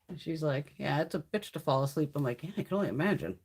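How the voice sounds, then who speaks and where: A woman's voice: low-pitched, expressive, a little fast. A woman in her fifties chatting casually through a live makeup haul, swearing freely and laughing often. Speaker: beauty vlogger. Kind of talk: casual live-stream chat.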